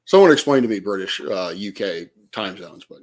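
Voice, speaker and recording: A man's voice: fairly low pitch, expressive, normal speed. A man on a casual late-night livestream from home, rambling and hesitant with lots of fillers, chatting to viewers by name.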